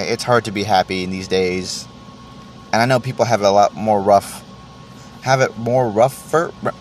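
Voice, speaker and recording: A man's voice: on the low side, a little hiss or hum. A man hosting a solo podcast, venting in a rambling way, stammering through restarts and swearing freely. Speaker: podcast host.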